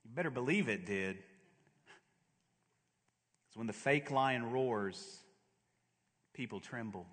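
A man preaching a sermon as a pastor, with dramatic delivery that swings from loud to hushed. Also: mid-range voice, slow pace. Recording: long reverb of a large hall.

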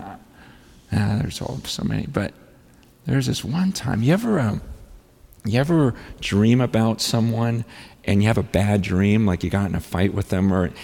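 A man's voice: on the low side, creaky. A man preaching a sermon as a pastor, telling a story with frequent restarts and repeated words. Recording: long hall reverb.

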